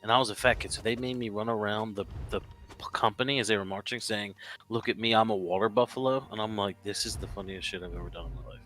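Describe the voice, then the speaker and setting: A man's voice: on the low side, steady tone, fast, sharp tone. A man on a live stream telling jokey stories in casual chat, swearing freely and laughing at himself.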